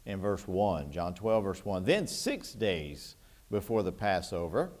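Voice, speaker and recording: Guy teaching bible class, pitch goes all over, chatty, keeps asking the room questions. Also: sing-song, a little slow, darkish tone. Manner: conversational, asks the class questions. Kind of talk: church Bible class lesson.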